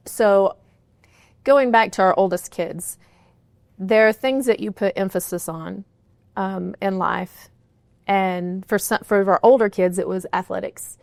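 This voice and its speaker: A woman's voice: medium pitch, slow pace, vocal fry, long pauses, no echo. Candid middle-aged woman, interview guest. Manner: earnest, candid, many "you know" fillers. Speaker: guest, horse trainer's wife and business partner. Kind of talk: reflective interview answers. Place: interview studio.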